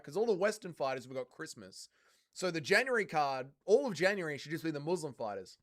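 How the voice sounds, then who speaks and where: His voice sits a little high with a fairly bright tone. He's a young Australian livestream host who reads out viewer comments while chatting in a casual, crude way, blunt and always joking.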